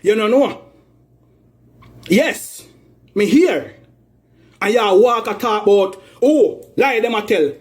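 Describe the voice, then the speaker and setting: A man's voice: sits high, animated, takes it slowly, pauses often. A Jamaican man speaking in patois, airing an aggrieved, accusing rant about a family dispute. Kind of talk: heated spoken rant in patois.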